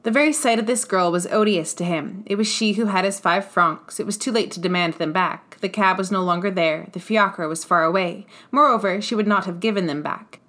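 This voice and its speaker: A woman hosting a storytelling podcast, calmly reading chapters of a classic novel aloud. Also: mid-range voice, brisk, few pauses.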